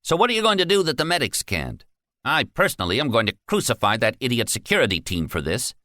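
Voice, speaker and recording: A bossy, irritable company manager, voiced by a male narrator, abrasive and quick to blame. His voice sits well above the narrator's low register, with a sharp edge. Dry, close sound. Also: very animated, no echo.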